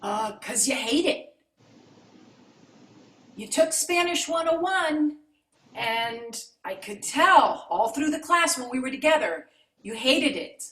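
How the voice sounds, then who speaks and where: A woman's voice: high-pitched, animated, slow, pauses often, a bit bright. A woman performing an improvised scene on a video call, insistent and teasing, repeating herself. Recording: echoey room, far from the mic, faint noise.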